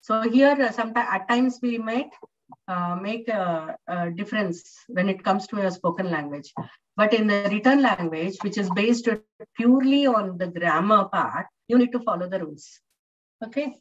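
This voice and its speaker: A woman's voice: medium pitch, normal speed. Woman lecturing over distant lo-fi audio. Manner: patient, repetitive teaching with frequent fillers. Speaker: English lecturer. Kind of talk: online class lecture. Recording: distant, dull lo-fi online audio.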